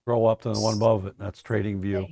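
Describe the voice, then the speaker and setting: A man's voice: on the low side, level tone, fast talker, crowd noise. A man hosting a casual trading stream, joking and teasing his viewers. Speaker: trading coach host. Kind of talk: casual live-stream chat.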